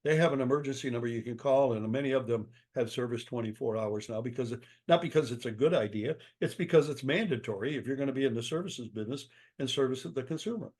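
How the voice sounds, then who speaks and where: A man's voice: mid-range voice, fast, few pauses. An older man, a guest author, answering in an interview with emphatic storytelling and acted-out dialogue. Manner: energetic, emphatic, acts out quoted dialogue.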